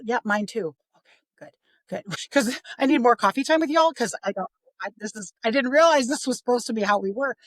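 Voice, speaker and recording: Chatty, expressive middle-aged woman. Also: fairly high pitch, dry recording. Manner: chatty, expressive, acts out quoted voices. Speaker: guest on parenting podcast. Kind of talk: casual podcast conversation.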